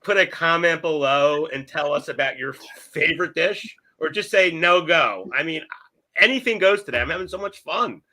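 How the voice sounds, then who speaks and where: A man co-hosting a casual talk show, excitable and playful, jumping in with jokes and questions for viewers. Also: fairly high pitch, normal speed. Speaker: co-host. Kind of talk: casual chat.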